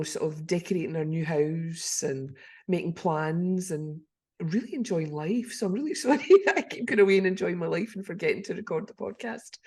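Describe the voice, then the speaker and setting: Brief: older Scottish woman, podcast host, husky voice, warm effusive storyteller. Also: on the low side. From Scotland. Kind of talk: casual storytelling chat.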